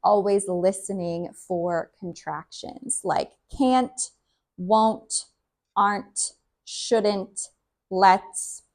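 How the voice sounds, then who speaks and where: A woman English teacher who explains slowly and clearly and repeats example phrases for learners. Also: mid-range voice, fairly even intonation.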